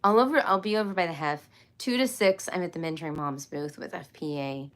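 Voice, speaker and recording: A woman's voice: sits low, brisk. A middle-aged woman hosting a casual livestream for homeschool viewers, tired and a bit loopy, rambling, giggling and apologizing as she talks. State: tired and loopy after a long workday.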